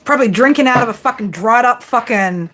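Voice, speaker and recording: A woman's voice: fairly high pitch, brisk, noisy background. An Australian woman giving a casual tarot reading to her viewers, blunt, teasing and heavily profane. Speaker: tarot reader.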